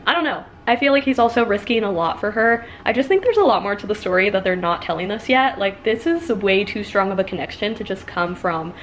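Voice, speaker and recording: A young woman in her twenties talks through a book she is reading in a loose, chatty way, full of fillers and exasperated asides. Her pitch sits in an ordinary middle range. Faint room noise hums underneath. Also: animated, brisk, few pauses. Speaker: book vlogger. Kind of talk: casual reading vlog.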